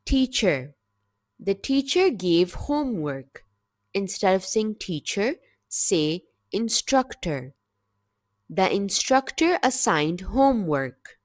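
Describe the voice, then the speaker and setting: A woman teaching English vocabulary in a slow, deliberate scripted lesson, with measured, clear word-by-word delivery. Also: mid-range voice, sing-song, no room sound, clean studio sound.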